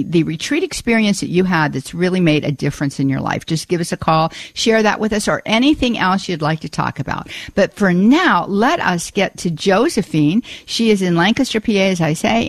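A woman hosts a Catholic call-in radio program from a studio. Her delivery is earnest and measured, and she often repeats a word while she looks for the next one. The sound is dry, with no room echo. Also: medium pitch. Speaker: radio show host. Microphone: studio microphone.

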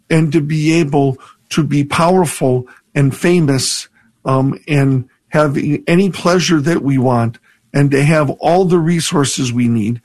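Earnest reflective priest on radio. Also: male voice, fairly high pitch. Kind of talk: call-in radio talk, reflective teaching.

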